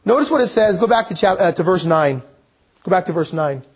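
A man preaching a sermon, earnest, asking his listeners questions and reading scripture out slowly. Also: sits high, lively intonation, slightly rough.

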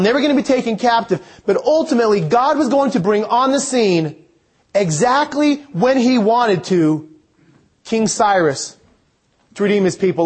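A man preaching a sermon, earnest, asking his listeners questions and reading scripture out slowly. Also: high voice, husky.

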